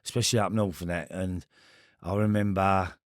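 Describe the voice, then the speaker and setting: Podcast guest: middle-aged Cockney man, low-pitched, rambling and halting. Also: steady tone, dry recording, studio quality. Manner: rambling, halting, with many restarts. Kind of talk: storytelling in casual interview.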